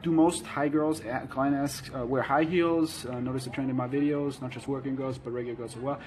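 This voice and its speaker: A man vlogging casually, reading out viewer questions and answering them frankly, with frequent pauses and fillers. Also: medium pitch, fairly even intonation, a little mellow, low-quality recording. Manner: frank, matter-of-fact, hesitant with fillers. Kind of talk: casual Q&A chat.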